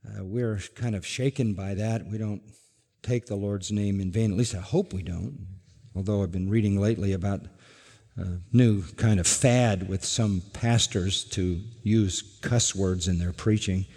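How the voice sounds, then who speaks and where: A man preaching a sermon as pastor, emphatic, rising to loud declarations and sinking to low, drawn-out endings. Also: fairly even intonation, creaky, husky, in a large hall.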